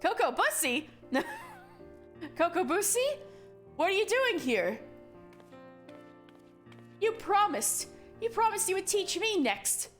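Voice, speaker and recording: A woman playing a petulant youngest brother in a game, his voice pitched high and loud with whiny pleading. He sounds like a boy sulking at being left out, backed by faint music. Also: wildly swooping pitch, slow pace, long pauses, exaggerated voice.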